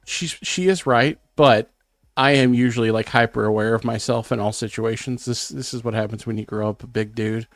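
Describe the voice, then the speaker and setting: A man's voice: medium pitch, steady tone, brisk, no room sound, studio quality. A man co-hosting a podcast in casual chat, a bit sick and rambling, self-conscious. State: sick, throat clearing. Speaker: podcast co-host.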